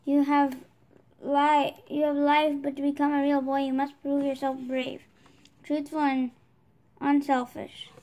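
A woman voicing a gentle, kindly female blue fairy in a read-aloud storybook. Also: high-pitched, completely flat delivery, measured pace.

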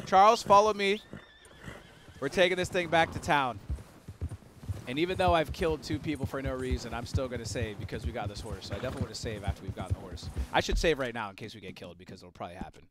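Excitable young man streaming a game. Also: a little high, slight background noise. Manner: excitable, yells and laughs when things go wrong. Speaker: gaming streamer. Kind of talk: live gameplay commentary.

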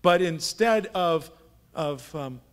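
A middle-aged pastor delivers a sermon in a fairly high male voice. He preaches like he is telling stories to friends and keeps tossing rhetorical questions at the congregation. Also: expressive, slow, clear, resonant tone. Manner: conversational storytelling with rhetorical questions. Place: church sanctuary.

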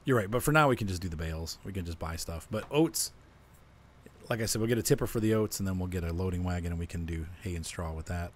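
A let's-play host talks fast in a low voice while playing a co-op farming game, casually explaining his plans as he goes. A little hiss or hum can be heard.

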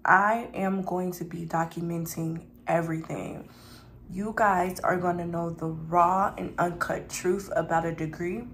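A young woman talks casually to her viewers while she eats on camera, calling them y'all and pausing for the odd burp. Her voice sits a little low, with a gravelly, fried edge. A faint hum of room noise runs behind her. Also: steady tone, fairly bright tone. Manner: chatty, talks to viewers as y'all, burps between bites. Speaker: mukbang vlogger. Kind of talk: casual chat while eating.

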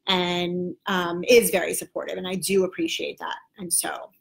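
A woman in her thirties co-hosting a casual live stream, talking in a quick, chatty way full of fillers. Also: on the low side, flat delivery, creaky. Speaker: co-host of a parenting show.

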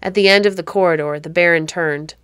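A woman narrating a classic children's novel aloud, measured and expressive. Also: fairly low pitch, clear, resonant tone, dry recording, studio quality. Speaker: storyteller.

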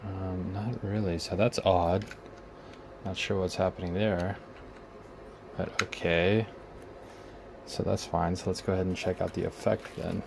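Gravelly low-voiced man thinking aloud. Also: little pitch movement, noisy background. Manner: thinking aloud, unhurried, trailing off while working. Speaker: repair video host. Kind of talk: casual workbench narration.

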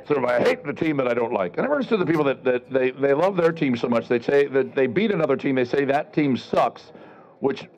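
A man's voice: mid-range voice, expressive, quick pace, darkish tone, lo-fi sound. Middle-aged guy doing a sarcastic street show at a ren fair, voice all over the place, heckling folks in the crowd. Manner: sarcastic, teasing the audience, barking for a crowd. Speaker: street comedian and juggler. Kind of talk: live outdoor comedy show with crowd banter. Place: outdoor stage at a renaissance fair.

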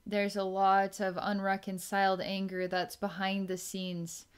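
A woman giving a psychic healing session, musing slowly and trailing off with fillers. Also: mid-range voice, completely flat delivery, clear, resonant tone. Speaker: psychic energy healer.

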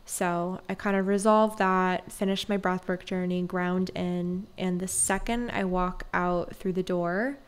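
A woman guest on a podcast, a breathwork mentor, telling stories in an animated, chatty way, often saying "like". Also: fairly low pitch, unhurried, hardly any pauses, smooth. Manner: animated, peppered with "like". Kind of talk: conversational storytelling.

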